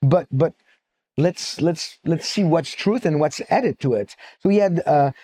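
A man's voice: fairly high pitch, sing-song, takes it slowly, darkish tone, slightly rough. Chatty man lecturing with lots of fillers. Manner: conversational and digressive, with many fillers and restarts. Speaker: speaker giving a talk on antisemitism. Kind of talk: live lecture with slides. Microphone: fixed microphone.

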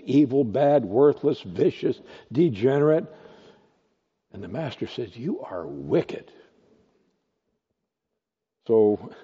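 Slow, husky-voiced man preaching. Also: medium pitch, mellow. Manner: slow, deliberate teaching with rhetorical questions. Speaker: pastor. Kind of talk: expository sermon. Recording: dull lo-fi recording with long hall reverb.

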